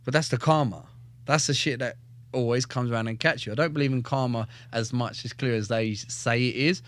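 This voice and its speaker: A man's voice: mid-range voice, brisk, no room sound. Blunt, swearing fighter telling his story. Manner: profane, blunt and jokey, stumbles and repeats words. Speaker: guest, professional fighter. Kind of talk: casual storytelling in a podcast interview.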